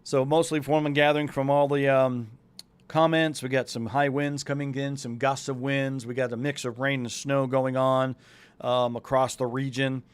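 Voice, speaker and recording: Smooth-voiced man chatting through the weather. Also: mid-range voice, little pitch movement, moderate pace, no echo. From New England. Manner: loose and chatty, thinks aloud with many fillers. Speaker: weather show host. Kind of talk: casual live weather talk.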